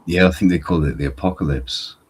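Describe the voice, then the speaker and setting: A man with an extremely deep, husky voice joins a casual group chat. He speaks in a laid-back way and makes dry remarks. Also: a little fast. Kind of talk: casual discussion.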